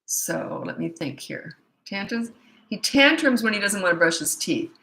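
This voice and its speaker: Woman parenting coach, middle-aged, blunt and chatty, bright forceful tone, echoey room. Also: medium pitch, animated, moderate pace, creaky. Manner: blunt, chatty, storytelling with asides. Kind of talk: casual Q&A answering viewer questions.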